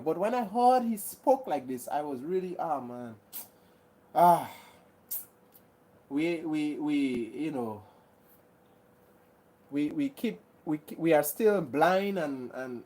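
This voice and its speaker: A woman's voice: fairly low pitch, warm tone. A woman from Grenada hosting a live chat, reading viewer comments and talking earnestly with many repeats and restarts. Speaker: livestream host.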